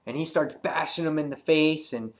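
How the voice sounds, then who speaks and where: A man reviewing a comic book in casual talk, retelling scenes excitedly with many fillers and acting out the characters' lines. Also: on the high side, normal speed. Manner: loose and rambling, many fillers.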